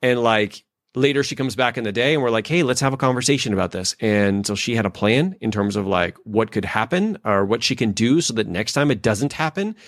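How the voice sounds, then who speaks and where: Man, casual podcast talk, mid-pitched voice, animated storytelling, lots of fillers, dry close mic. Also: fairly quick, dry recording. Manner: animated storyteller who acts out quoted lines; loose, filler-heavy phrasing. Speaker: podcast co-host and leadership expert.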